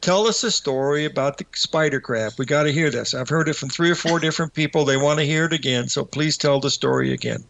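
Older male radio host, gravelly and folksy, fairly high voice, dry close mic. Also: fast talker, few pauses, a bit bright. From Southern Indiana. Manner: folksy, drawling, chuckles along. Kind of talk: casual on-air chat.

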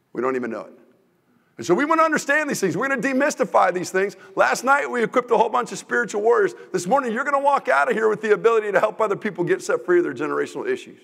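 A guest preacher delivers a funny sermon in a church sanctuary, energetically joking with and teasing the congregation. His voice sits high with some vocal fry, echoing through a large hall.

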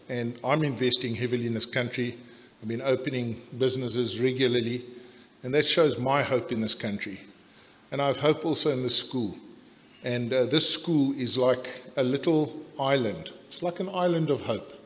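A middle-aged South African man giving a blunt, jokey after-dinner toast that rambles with restarts, speaking in a large dinner hall. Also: mid-range voice. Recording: long hall reverb.

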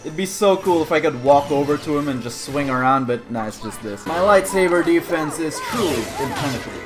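A young man giving excited, jokey commentary while playing a VR game, taunting enemies and shouting at the action. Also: fairly high pitch, a little fast, over music. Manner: playful, jokey, yells at enemies. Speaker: gaming YouTuber. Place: home, playing VR.

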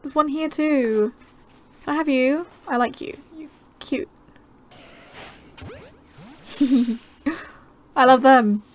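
A young woman giving casual, excitable gameplay commentary, gasping and chattering to the creatures on screen. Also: high-pitched, slow pace. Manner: bubbly, gasping, easily excited. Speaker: gaming channel host.

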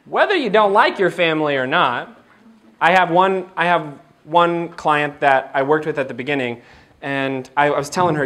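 Animated male keynote speaker. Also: on the high side, moderate pace. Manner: animated storytelling, laughs often, acts out dialogue. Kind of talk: motivational keynote speech. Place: training event hall.

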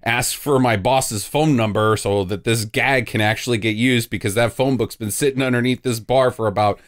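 A man's voice: mid-range voice, fairly even intonation, normal speed, no echo, studio quality. A man hosting a casual movie-riffing podcast, recapping the plot with sarcastic jokes and free swearing. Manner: sarcastic, jokey, swears freely. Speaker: podcast host recapping a film.

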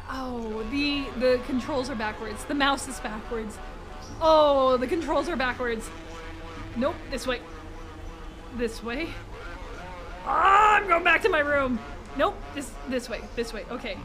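A woman streaming a game live, excitable and talking to herself and the chat, laughing and swearing often. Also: high-pitched, measured pace, over music. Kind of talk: live gameplay commentary.

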